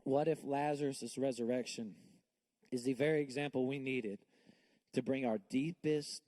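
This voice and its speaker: A man's voice: mid-range voice, fairly even intonation, normal speed, a little mellow. A male pastor preaching a sermon in a church, candid and personal, building to emphatic bursts. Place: church sanctuary.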